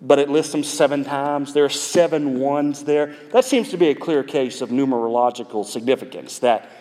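A man's voice: mid-range voice, normal speed, a little mellow. Preacher man in a reverberant hall. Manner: conversational, digressive, with asides to the audience. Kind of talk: expository sermon. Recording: long reverb in a large hall.

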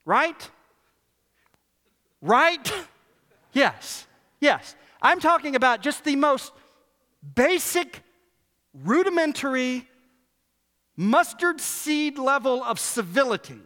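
A man preaching a sermon as a pastor, animated and emphatic, repeating lines and firing rhetorical questions. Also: very high-pitched, slow pace, pauses often. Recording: long hall reverb.

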